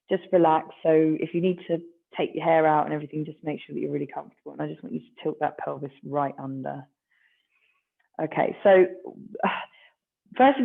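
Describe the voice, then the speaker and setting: A stretching instructor leads a class in a gentle, encouraging way, with a gravelly edge to the voice. The recording sounds thin and tinny, like a phone line. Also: mid-range voice. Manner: gentle, encouraging, with light self-mocking asides.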